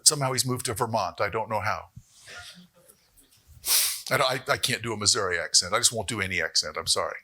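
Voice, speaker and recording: A man giving a university economics lecture, animated, with jokey asides and rhetorical questions to the audience. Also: on the low side, brisk, long pauses. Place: lecture hall.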